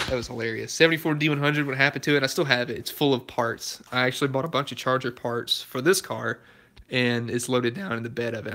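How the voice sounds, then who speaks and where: Bright-voiced young man chatting casually. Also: medium pitch. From Alabama, US. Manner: laughs often, easygoing and talkative. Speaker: YouTube car channel host. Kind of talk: casual chat answering live viewer comments.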